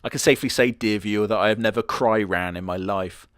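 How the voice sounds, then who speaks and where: A man's voice: lowish voice, quick pace, loud music behind the voice. A man giving crude, sarcastic comedic commentary on an anime, full of mocking asides. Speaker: anime reviewer.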